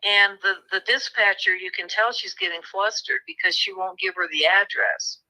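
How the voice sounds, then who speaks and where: A woman with a strikingly bright, sharp tone tells a true crime story as an author guest. She talks in a lively way and slips into the voices of the people she quotes. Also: medium pitch, moderate pace, gravelly, low-quality recording. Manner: animated, acts out quoted voices. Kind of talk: conversational storytelling.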